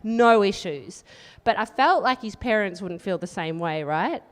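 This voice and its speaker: A woman's voice: medium pitch, measured pace. Crowd-teasing Australian woman doing stand-up. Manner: chatty, teasing the crowd, deadpan asides. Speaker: stand-up comedian. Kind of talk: live stand-up set. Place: live comedy venue. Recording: live room with long reverb.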